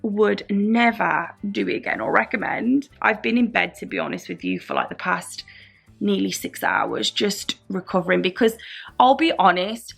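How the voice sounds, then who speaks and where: Lying in bed at home, a woman vlogger chats casually to camera in a storytime video, retelling events and quoting everyone's back-and-forth. Her mid-range voice swings widely in pitch at a normal speed, creaky, a bit bright, with a breathy edge. Soft music plays in the background.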